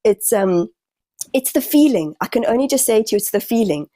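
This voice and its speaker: Mellow, dry-voiced woman searching for words. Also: fairly high pitch, animated, dry recording. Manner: halting, searching, frequent restarts. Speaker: guest medium and healer. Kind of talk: podcast conversation.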